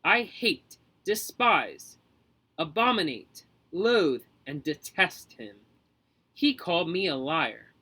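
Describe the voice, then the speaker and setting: A man's voice: fairly high pitch, sing-song, takes it slowly, bright, forceful tone, breathy edge, exaggerated voice, rough recording. A man doing a whiny pampered little boy. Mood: sulky. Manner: wailing, self-pitying.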